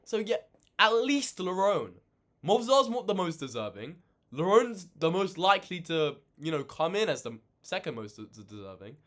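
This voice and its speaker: A man ranting in casual reaction commentary, animated and swearing a lot, exasperated. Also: high-pitched, normal speed. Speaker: reaction channel host.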